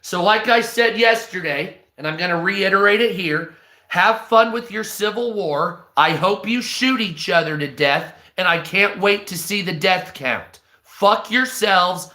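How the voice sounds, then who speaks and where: A man's voice: high-pitched, unhurried, bright, forceful tone, reverberant. A stoned man reading news aloud on a live stream, breaking off into profane, hostile, sarcastic rants.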